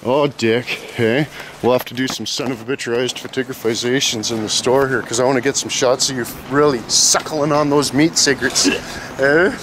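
A man's voice: mid-range voice, steady tone, normal speed, noisy background. A man, vlogging outdoors by a store, swearing constantly, teasing his friends and laughing a lot. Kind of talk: rowdy casual banter.

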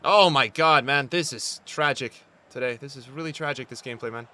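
A man's voice: mid-range voice, brisk, bright, forceful tone. A young man streaming live gameplay and talking to his chat, frustrated and trash-talking as he plays.

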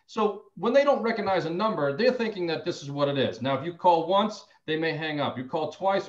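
A man who sells insurance, sharing phone-call tips in a casual, animated way and acting out both sides of a call. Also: a little high, fairly quick, few pauses. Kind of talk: casual sales training talk.

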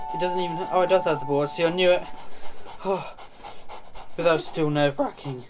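A man's voice: a little high, fairly even intonation, normal speed, long pauses, over music. Jumpy, chatty young male gamer. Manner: chatty, jumpy, gasps and sighs when startled. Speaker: let's play gamer. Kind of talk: casual gameplay commentary. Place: home desk with chair.

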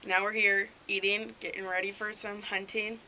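A dim, cheerful male deer hunter, played by a woman in a homemade comedy sketch, rambling through his story with a deadpan delivery. His voice sits at a middle pitch. The home video recording carries a clear layer of background noise. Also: moderate pace, low-quality recording.

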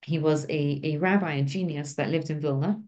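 A woman's voice: deep voice, moderate pace, darkish tone, dull audio. Woman teaching, chatty with many "right?"s. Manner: conversational, keeps asking "right?". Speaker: Torah teacher. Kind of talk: informal class talk.

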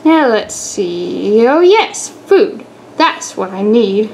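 A woman's voice: mid-range voice, big pitch swings, slow pace, gravelly, a little mellow, a little hiss or hum, heavily acted, rough recording. Woman reading as a courteous rhyming cat. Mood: polite. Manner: courteous, speaks in rhymes. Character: polite rhyming male house cat.

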